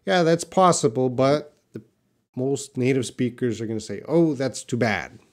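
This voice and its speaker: In a live-stream Q&A, a man with a medium-pitched voice teaches English, answering viewers' questions slowly and patiently and offering example sentences.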